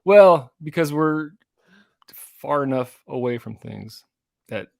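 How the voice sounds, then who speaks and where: A man in his thirties co-hosting a podcast, telling lively family stories in casual chat and acting out his kids' voices. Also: mid-range voice, slow pace, vocal fry, no room sound, clean studio sound. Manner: animated storyteller, acts out kids' voices. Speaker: podcast co-host.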